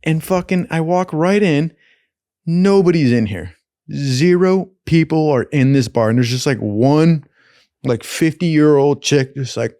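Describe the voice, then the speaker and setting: A man's voice: fairly high pitch, a little slow, dry recording, studio quality. A man telling wild stories in a casual, profane, rambling way, full of slang and asides. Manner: profane, animated, slangy with "dude". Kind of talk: casual storytelling.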